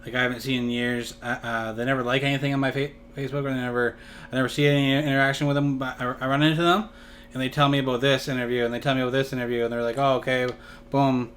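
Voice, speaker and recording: Hesitant mid-pitched man interviewer. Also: little pitch movement, rapid-fire, a bit bright, slight background noise. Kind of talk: casual interview talk.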